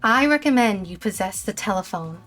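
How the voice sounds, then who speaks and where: A woman voicing a mysterious ghost mentor from a video game, speaking in a calm, measured, instructive way. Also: mid-range voice, faint music behind, natural voice. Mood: calm guiding.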